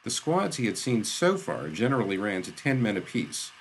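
A man narrating a fantasy audiobook in a steady, descriptive storytelling manner. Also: on the low side, moderate pace, slight background noise.

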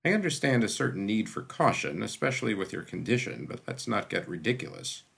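A man's voice: lowish voice, sing-song, fairly quick, creaky, fairly bright tone, slightly rough, full character voice. A man voicing a dry, pompous physician who speaks in a precise, wordy, drawling way. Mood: dry, unruffled. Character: dry, pompous middle-aged male physician.

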